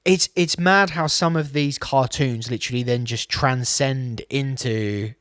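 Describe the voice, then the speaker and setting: A man's voice: medium pitch, unhurried, a bit bright, smooth, no room sound, studio quality. A young British man co-hosting a podcast, chatting casually and trailing off mid-sentence. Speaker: podcast co-host. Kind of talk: casual chat.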